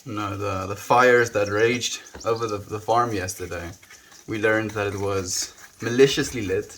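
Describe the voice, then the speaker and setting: A young South African man chatting softly and reflectively with viewers on a live stream, often trailing off with "you know". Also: lowish voice, steady tone, a little slow, slight background noise. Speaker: livestreamer. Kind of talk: casual live-stream chat.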